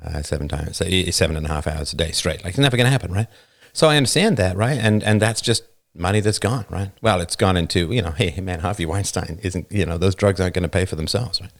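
A livestream host talks quickly in a low voice with vocal fry, barely pausing. Speaking into a new studio microphone, he gives an emphatic, casual monologue and regularly caps his points with "right?"

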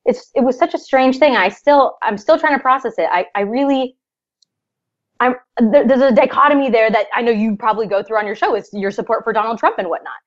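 A young adult woman, a guest in an interview, telling her story in a casual, animated way with laughing asides. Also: on the high side, fairly quick, dull audio.

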